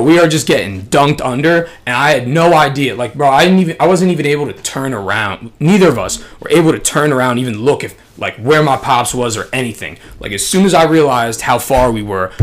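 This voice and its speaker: A man's voice: mid-range voice, brisk, few pauses. Slangy, profane young man telling a story. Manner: slangy, profane, animated storyteller, full of fillers. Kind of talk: casual storytelling chat.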